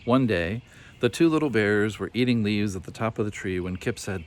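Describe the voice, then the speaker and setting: Male storybook narrator, low voice, gentle and clear. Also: normal speed, a little hiss or hum. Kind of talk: children's story reading.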